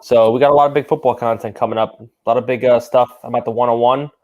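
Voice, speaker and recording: A man's voice: medium pitch, quick pace, phone-quality sound. Easygoing male podcast co-host. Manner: easygoing storyteller, animated when quoting. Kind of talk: casual chat.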